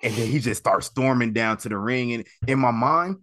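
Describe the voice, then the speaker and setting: A man's voice: medium pitch, moderate pace. Man casually recounting a wrestling show. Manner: storytelling, animated with slang. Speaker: podcast co-host.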